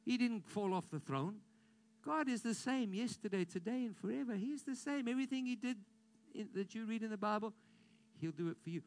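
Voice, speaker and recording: A man preaching a sermon as pastor, leading the congregation in call-and-response declarations and swinging between loud impassioned calls and hushed prayer. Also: sits high, lively intonation, fairly quick.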